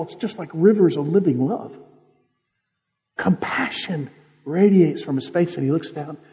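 Emotive preacher in an echoing hall. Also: male voice, fairly high pitch, mellow. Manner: vivid second-person storytelling, emotive. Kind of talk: guided-imagery sermon. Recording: dull, reverberant hall.

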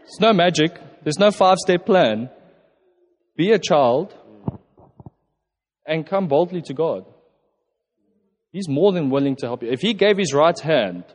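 A man giving an informal, earnest sermon and prayer at a church service, often restarting his phrases. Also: fairly high pitch. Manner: earnest, halting with repeated restarts. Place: church hall. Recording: long hall reverb.

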